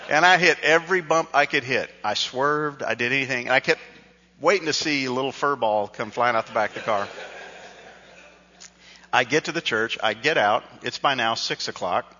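A man's voice: medium pitch, normal speed, pushed and bright. A male pastor telling a funny personal story in a sermon, acting out the dialogue with self-mocking humor. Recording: dull recording with long hall reverb.

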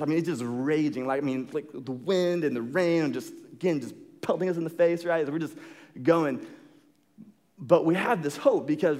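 A young adult man preaching, telling a story in a casual, animated way with lots of fillers. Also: a little high. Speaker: pastor. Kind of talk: sermon storytelling.

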